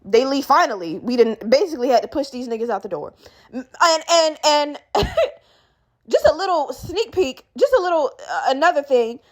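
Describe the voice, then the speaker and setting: Profane, animated woman podcast host. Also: high-pitched, moderate pace. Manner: profane, animated, laughing mid-story. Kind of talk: solo podcast storytelling.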